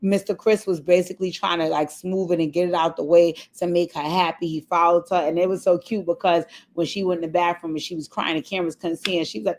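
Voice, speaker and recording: Animated, low-pitched woman recapping reality TV. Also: a little fast, few pauses. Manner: animated and chatty, swears freely, acts out quoted people. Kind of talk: casual episode recap to viewers.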